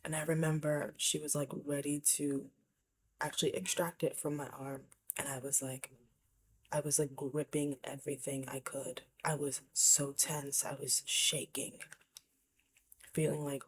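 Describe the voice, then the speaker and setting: Low breathy woman vlogging, candid and reflective, drops to near whispers a lot. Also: little pitch movement, a little slow. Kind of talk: personal storytelling to camera.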